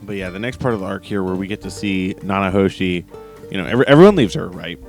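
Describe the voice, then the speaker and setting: Deep-voiced man rambling through a book review. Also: animated, fast, gravelly, faint music behind. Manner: rambling, lots of "right?" and restarts, laughs often. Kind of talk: casual spoken review.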